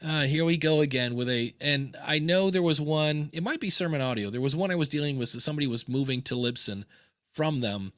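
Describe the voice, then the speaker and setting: A man's voice: a little high, a little fast, fairly bright tone, dry recording, studio quality. A man co-hosting a podcast in casual chat, rambling with joking asides and many restarts. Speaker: podcast co-host.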